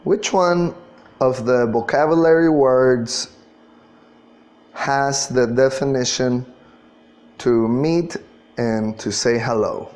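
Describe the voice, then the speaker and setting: Very slow-talking male English teacher. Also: medium pitch, darkish tone. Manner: patient, drills pronunciation, spells words out. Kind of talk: classroom lesson.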